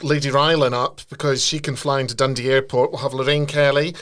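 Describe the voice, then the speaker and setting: A man's voice: medium pitch, flat delivery, a little fast, a bit bright. A man co-hosting a casual podcast chat, throwing in dry, teasing wisecracks. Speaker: co-host.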